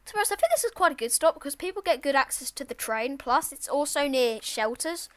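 A woman giving casual, excitable let's-play commentary with sudden loud outbursts. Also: high-pitched, fast talker. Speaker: gaming channel host.

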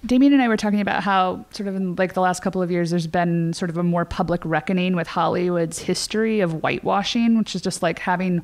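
A woman's voice: on the low side, steady tone, quick pace, few pauses. A woman co-hosts a podcast, adding her thoughts in a loose, conversational manner. She fills her talk with "sort of" and "like" as she shapes each point. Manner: chatty, hedging with "sort of" and "like". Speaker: podcast co-host. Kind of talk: casual interview chat.

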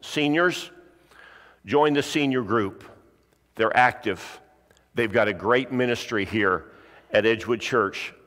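A man's voice: mid-range voice, takes it slowly, long pauses, a bit bright. Man preaching in an echoing church. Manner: earnest, repetitive exhortation with frequent throat clearing. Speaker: pastor. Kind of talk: sermon. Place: church sanctuary. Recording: long hall reverb.

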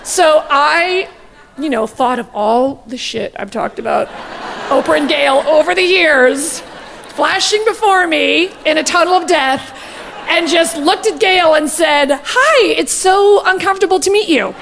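A woman comedian doing stand-up, telling a gossipy story in a rapid, brash and profane way. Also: high voice, vocal fry, big-room sound, background noise.

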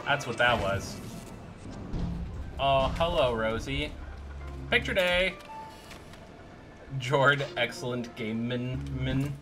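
Slow-talking Canadian man streaming games. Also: mid-range voice. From British Columbia, Canada. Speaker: game streamer. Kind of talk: casual gameplay commentary.

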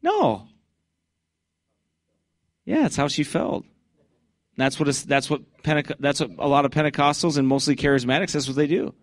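A man preaching a fervent Baptist sermon, swinging from conversational asides into loud, high-pitched bursts of scripture. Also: animated, moderate pace, long pauses, no echo.

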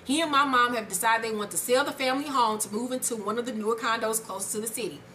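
A woman co-hosting an advice chat show, reading a viewer's letter aloud and reacting with loud, profane excitement. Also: on the high side, fast talker, a little hiss or hum. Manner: animated, profane, exclamatory.

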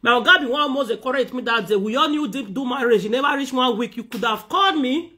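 Nigerian woman vlogger, sharp bright voice, animated and scolding, Pidgin accent. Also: sits high, quick pace. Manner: scolding, animated, acts out others' words. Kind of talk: ranting monologue to camera.

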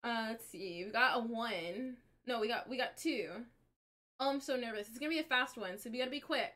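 A young adult woman streaming a game live, chatting with viewers and reacting aloud in an excitable, chatty way. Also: on the high side, brisk.

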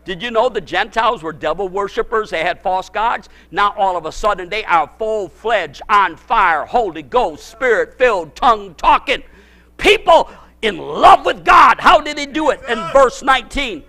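A middle-aged male pastor preaching with a very high, bright, forceful voice. He drops low and quiet, then rises to shouts, repeating words again and again as he drives each point home. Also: animated, normal speed. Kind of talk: sermon.

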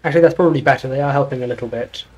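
A man's voice: medium pitch, racing, darkish tone, dull audio. A British man chatting casually and wryly while playing a game with friends, rambling a little. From Britain. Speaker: gamer streaming with friends. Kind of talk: casual gameplay chat.

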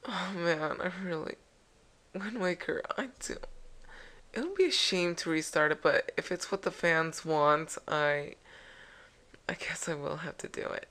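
A woman's voice: low voice, unhurried, a bit bright. A woman hosting a let's play, chatting casually and jokingly over the game. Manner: chatty, jokey, rambling. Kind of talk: casual gameplay commentary.

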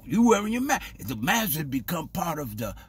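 A man with a very husky, worn voice gives a casual, preachy monologue to his viewers. His pitch sits fairly high and leaps around wildly. He keeps stumbling over repeated words in loose street-style grammar. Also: big pitch swings, moderate pace. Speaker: vlogger.

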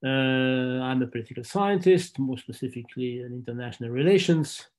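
French-accented professor with a mellow voice. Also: male voice, mid-range voice. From France. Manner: measured, with frequent fillers and restarts. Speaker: university lecturer. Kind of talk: academic lecture.

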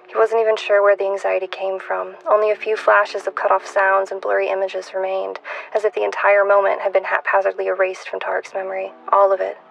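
A woman in her twenties reading her own fiction aloud in a measured, hushed way, at times dropping to a whisper. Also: medium pitch, monotone, creaky, a little hiss or hum, rough recording. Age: 20s. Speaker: author.

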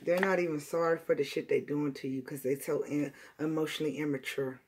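A woman's voice: sits low, steady tone, a little fast, husky. Blunt, profane woman giving a tarot reading. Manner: blunt and profane, swinging between loud outbursts and quiet, emotional asides; repeats phrases for emphasis. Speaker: tarot reader. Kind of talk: tarot reading addressed to viewers.

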